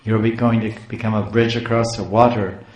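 A divine voice from the heavens proclaims and reassures, as a man telling the story puts it on. The delivery is emphatic and carries a roomy echo. The voice sits a little low. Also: fairly even intonation, fairly quick, lightly acted. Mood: proclaiming.

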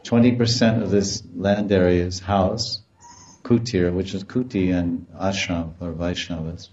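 A man delivers a devotional lecture in a lowish, mellow voice, telling stories with animation and laughter. The sound is muffled, as if from a room with plenty of echo. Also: a little slow. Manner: animated storytelling, acts out quoted voices with laughter. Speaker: spiritual teacher.

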